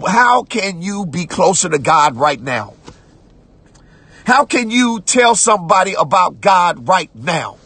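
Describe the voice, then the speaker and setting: A man preaching a sermon as pastor, repeating phrases and breaking into shouts while reading scripture. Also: high voice, slightly rough, dry recording. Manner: preaching with repetitions, rising to shouts; conversational church talk, "watch this".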